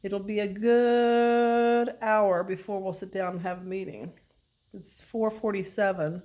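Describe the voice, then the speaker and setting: A woman speaks straight to her dog in a playful, mock-stern voice. She scolds and questions him as if he could answer. Her pitch sits in an ordinary middle range. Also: steady tone, measured pace, a little mellow. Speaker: dog owner vlogger.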